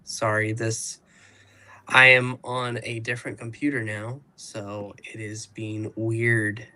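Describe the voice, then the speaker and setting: A playful man hosting a casual live podcast, his voice bright and forward. He jokes and teases as he introduces his co-hosts, keeping things loose. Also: fairly low pitch, little pitch movement, slow. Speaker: podcast host.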